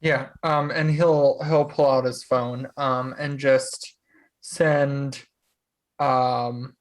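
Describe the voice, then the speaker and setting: A man playing in a tabletop game, hesitant and filling pauses with "um". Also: mid-range voice, flat delivery. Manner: hesitant, many fillers. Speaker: player.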